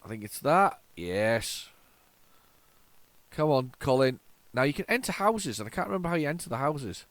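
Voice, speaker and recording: Here the tired retro gaming host, a middle-aged man, sounds animated and fairly bright at a medium pitch and normal speed, with long pauses and no echo. Yawning as games load, he rambles through casual commentary, keeps restarting his sentences, and slips in sarcastic jokes.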